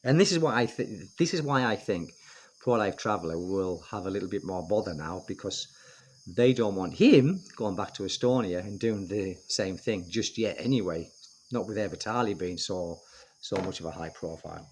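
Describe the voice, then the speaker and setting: A middle-aged British man from the United Kingdom, an expat vlogger, chats casually to camera, offering opinions in a rambling way full of fillers and restarts. His voice sits low, his accent is British English, and he talks at a normal speed.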